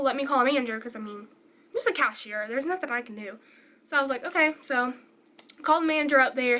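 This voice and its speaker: A young woman chatting through a storytime vlog, retelling a scene and acting out the people in it. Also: high voice. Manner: chatty, animated retelling with quoted voices. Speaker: vlogger. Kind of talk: casual storytime.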